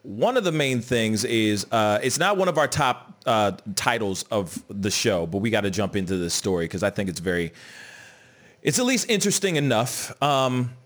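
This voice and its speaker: A man hosting a casual podcast, talking in a loose, animated way, peppered with "you know what I'm saying" and "bruh". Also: lowish voice, normal speed. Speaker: podcast host. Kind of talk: casual chat.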